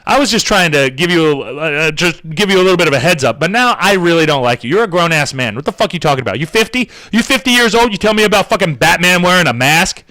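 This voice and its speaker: Sarcastic bright-voiced man ranting. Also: on the high side, lively intonation, quick pace, few pauses. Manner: sarcastic, profane. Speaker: podcast host. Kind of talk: casual comedic rant.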